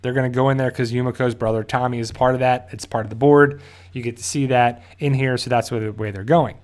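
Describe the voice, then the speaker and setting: Man, mid-pitched voice, casual episode recap, rambling, self-correcting. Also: steady tone, a little fast, darkish tone. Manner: rambling, self-correcting, loosely paraphrases scenes. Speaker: TV show reviewer.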